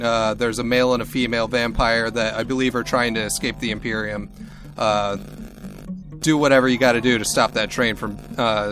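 An urgent male agent barks orders down the line, as a man puts him on with an affected accent. He speaks louder and a little higher than usual, at a middle pitch, with soft music under him. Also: lightly acted.

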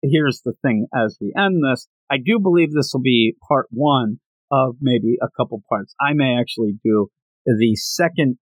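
A man's voice: medium pitch, moderate pace, dry recording, rough recording. A man hosting a casual podcast, rambling and joking with frequent restarts. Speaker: podcast host.

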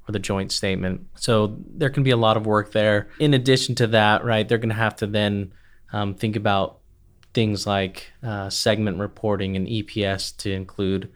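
Flat-voiced man listing accounting requirements. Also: lowish voice, moderate pace. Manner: methodical, listing items with "right" and "um". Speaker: accounting expert guest. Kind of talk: explanatory podcast discussion.

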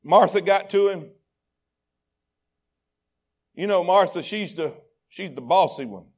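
A man preaching a sermon. He repeats phrases in a rhythmic build and swings between hushed, intimate lines and shouted peaks. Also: high voice, lively intonation, slow. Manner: repetitive, rhythmic delivery. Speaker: pastor.

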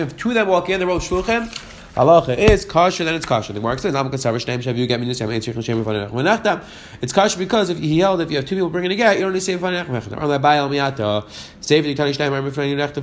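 A man, possibly, teaching a page of Talmud at a quick clip, with Hebrew and Aramaic terms mixed into his English explanations. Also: on the high side. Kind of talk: fast daily page lesson.

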